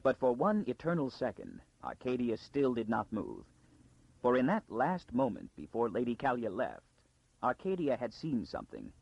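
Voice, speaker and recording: A man narrating an audiobook in a dramatic storytelling style with a gravelly, husky voice. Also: medium pitch, huge pitch swings, moderate pace, a little mellow, dull audio. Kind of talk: scripted narration.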